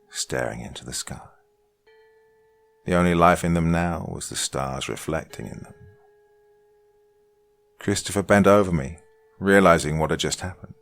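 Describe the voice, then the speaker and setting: A man narrating a scripted horror story with a dark, dramatic reading that drops to hushed lines. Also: a bass voice, vocal fry.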